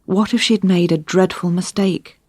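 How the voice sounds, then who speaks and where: A woman reading a crime story aloud in a clear, measured narration for learners. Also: fairly low pitch, fairly even intonation, darkish tone, dry recording, clean studio sound. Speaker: audiobook narrator. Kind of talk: scripted narration.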